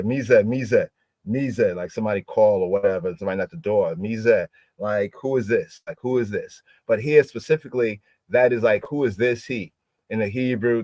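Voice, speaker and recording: A man teaching a scripture word study on a podcast, repeating each word several times and sounding it out slowly. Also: mid-range voice, darkish tone, no room sound. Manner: slow, repeats words and sounds them out. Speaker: religious teacher.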